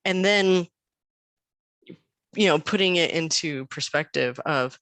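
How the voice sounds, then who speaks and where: A woman's voice: deep voice, slow, no echo. A woman in her thirties, a podcast guest, telling family stories in casual chat and acting out the quoted dialogue. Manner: animated storyteller who acts out quoted dialogue.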